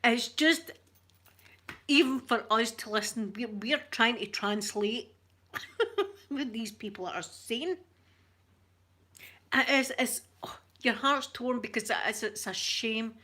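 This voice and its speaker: A woman's voice: fairly high pitch, slow pace, long pauses, bright, forceful tone. Chatty Scottish woman telling stories. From Scotland. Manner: chatty storyteller, addresses viewers as "yous". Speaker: ASMR vlogger. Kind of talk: casual chat to viewers.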